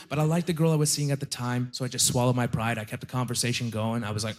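A man's voice: mid-range voice, rapid-fire, few pauses, a bit bright. A young man doing a stand-up comedy set, telling wry, self-deprecating stories.

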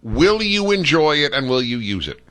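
Man, radio talk host, call-in show, theatrical and playful, bright forceful tone. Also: mid-range voice, sing-song, moderate pace, dry recording.

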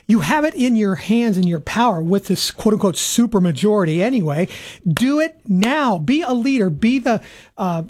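A woman's voice: mid-range voice, animated, normal speed, a little mellow. A woman co-hosting a political talk radio show, speaking in an earnest, frustrated way.

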